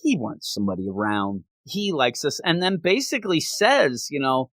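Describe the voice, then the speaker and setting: A man's voice: medium pitch, huge pitch swings, moderate pace, a bit bright, no room sound. A man hosting a manga review podcast in casual chat. He talks with animation and often slips into quoting characters.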